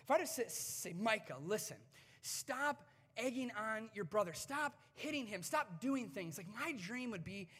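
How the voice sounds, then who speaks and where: A man in his thirties preaching to a congregation from a stage microphone, talking in a conversational, animated way with touches of humor. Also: high voice, unhurried, slightly rough. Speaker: pastor. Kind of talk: sermon. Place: church sanctuary before a congregation. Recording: reverberant church hall.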